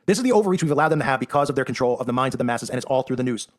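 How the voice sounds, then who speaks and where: A man's voice: medium pitch, lively intonation, racing. A man giving a sarcastic, emphatic monologue, often tagging his points with "right?". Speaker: online commentator. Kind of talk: rapid-fire monologue commentary.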